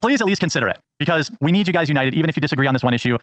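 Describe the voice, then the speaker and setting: A man's voice: on the high side, lively intonation, rapid-fire, dry recording. A man appearing as a guest on a talk show, speaking earnestly and persuasively in a pleading tone. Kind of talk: earnest conversation.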